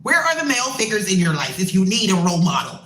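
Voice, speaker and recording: A woman from Canada, a musician hosting her own show, ranting in a blunt, profane and animated way. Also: medium pitch, fast, roomy sound, slight background noise, rough recording. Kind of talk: casual rant.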